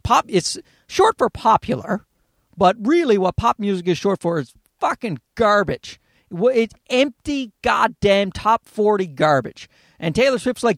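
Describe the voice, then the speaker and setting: A man's voice: high voice, very animated, a little slow, vocal fry, a bit bright, no room sound, clean studio sound. A man hosting a podcast, ranting in a profane, exasperated comic monologue. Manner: profane, exasperated ranting with mocking put-on voices. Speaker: podcast host.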